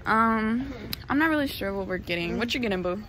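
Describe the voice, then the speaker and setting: A woman's voice: on the high side, animated, fairly quick. A young woman chatting casually and playfully to her phone camera on a vlog, filmed in her car and out in stores. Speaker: vlogger.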